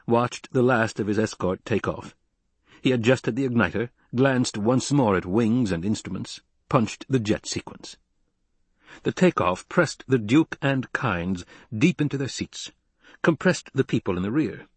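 A man narrating an audiobook in steady, even storytelling. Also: medium pitch, measured pace, slightly rough, dry recording. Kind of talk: scripted narration.

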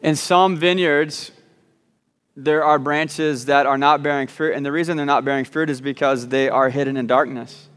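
A man's voice: on the high side, fairly even intonation, normal speed, a bit bright, smooth. Man preaching in a reverberant church. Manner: self-deprecating asides, repeats words when starting sentences. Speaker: pastor. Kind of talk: sermon. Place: church sanctuary.

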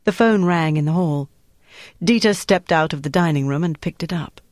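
A man reading a thriller novel aloud in measured, even scripted narration, close to the mic. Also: a little high, no room sound. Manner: measured, even storytelling delivery. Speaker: audiobook narrator.

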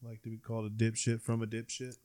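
A young man hosting a casual chat, crude and questioning, often trailing off into quiet mumbles. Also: on the low side, monotone, fast talker.

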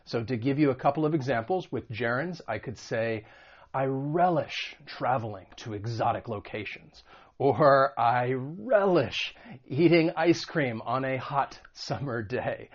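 Careful-speaking American-born English teacher. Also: male voice, mid-range voice, dull audio. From United States. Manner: slow, careful stress on example words. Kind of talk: online vocabulary lesson.

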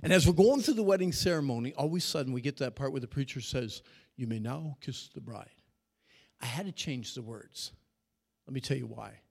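A middle-aged man preaching an animated sermon to young people, swinging between shouting and hushed storytelling. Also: mid-range voice, brisk, creaky, breathy edge. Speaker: youth speaker. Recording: long reverb of a large hall.

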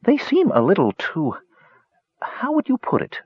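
A man voicing an excitable young male kender who whines and pleads, in a dull lo-fi recording. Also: high-pitched, a little slow, breathy edge, no room sound, voice pushed up, exaggerated voice. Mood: hesitant.

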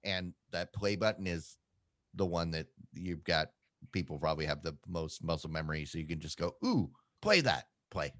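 A man's voice: level tone, no room sound, clean studio sound. A man co-hosting a podcast, chatting casually in a rambling, self-deprecating way. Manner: rambling, self-deprecating, quick pitch jumps. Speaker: podcast co-host. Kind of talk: casual chat.

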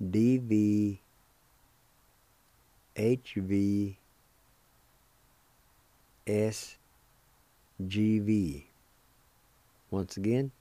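A man leads a radio language lesson in a mellow, somewhat low voice. He speaks very slowly and deliberately, spelling each word letter by letter and repeating it several times. The sound is dry and close, with no room around it. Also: dry recording. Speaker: radio language teacher and host.

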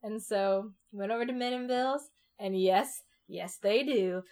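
A woman's voice: medium pitch, unhurried, a little mellow. A woman co-hosting a podcast in casual chat, bubbly and chatty with lots of filler words. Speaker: podcast co-host.

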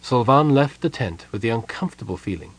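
A man narrating a fantasy audiobook in a steady, even storytelling voice. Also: medium pitch, a little fast, husky. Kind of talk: scripted narration.

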